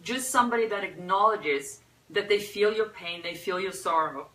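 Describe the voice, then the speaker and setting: A woman hosting a pet memorial livestream, talking unscripted in a teary, soft-hearted way with sighs and pauses. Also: mid-range voice. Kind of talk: unscripted emotional talk. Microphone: phone or webcam. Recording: roomy echo, a bit far from the mic.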